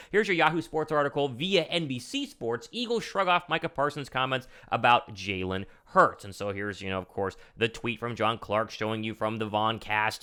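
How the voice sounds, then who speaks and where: A young man hosting his own sports show, talking excitedly and quickly about football news. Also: medium pitch, clean tone. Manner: excited, fast-talking, animated. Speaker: show host. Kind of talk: energetic sports commentary.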